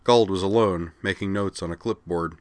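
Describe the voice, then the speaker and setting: A man narrates a story in a steady, even audiobook reading. His voice is very deep and low. The recording is dry with no room sound. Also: normal speed, no room sound.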